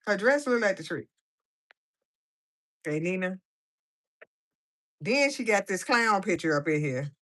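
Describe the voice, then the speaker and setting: A woman's voice: mid-range voice, lively intonation, unhurried, long pauses, a bit bright. A woman chatting casually and playfully as she colors in a coloring book for her viewers. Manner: playful, chatty, laughing commentary. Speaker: coloring vlogger. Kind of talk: casual chat while coloring.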